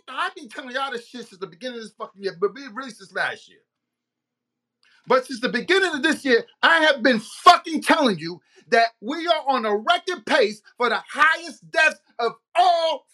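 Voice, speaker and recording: Man, podcast host, angry rhetorical rant, bright voice. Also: very high voice. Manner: heated, profane, rhetorical questions. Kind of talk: ranting monologue.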